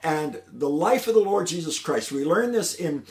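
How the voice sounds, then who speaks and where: A man preaching a Bible teaching, speaking haltingly with frequent fillers and restarts. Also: a little high, expressive, a little mellow. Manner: halting, full of "uh" and "you know" restarts. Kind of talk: sermon teaching. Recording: roomy echo.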